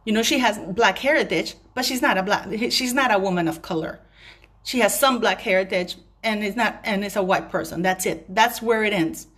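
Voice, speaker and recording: A woman's voice: mid-range voice, normal speed, fairly bright tone. A woman vlogger delivering an emphatic opinion rant straight to her viewers, breaking off now and then to apologize for ranting. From Commonwealth country.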